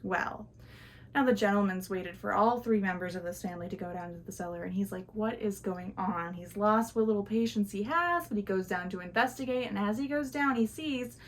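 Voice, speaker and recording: A young woman in her twenties, a student storyteller with a brisk, mid-range voice, tells a folktale casually at home. Her chatty telling has fillers and restarts, and the recording carries a little hiss or hum.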